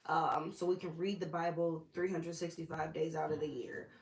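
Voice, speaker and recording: A woman's voice: sits low, fairly even intonation, moderate pace. A woman hosting a casual Bible study, who talks in a chatty, informal way with slang and side remarks. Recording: echoey room.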